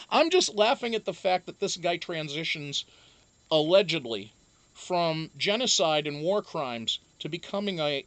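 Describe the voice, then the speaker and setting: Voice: mid-range voice, no room sound. A livestream host chatting casually and reading viewer comments aloud, swearing freely, joking and laughing often, with frequent ums.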